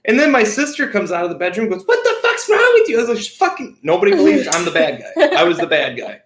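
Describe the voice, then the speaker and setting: Animated, cursing male podcast storyteller. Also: sits high, quick pace, reverberant. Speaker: podcast co-host. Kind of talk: casual chat.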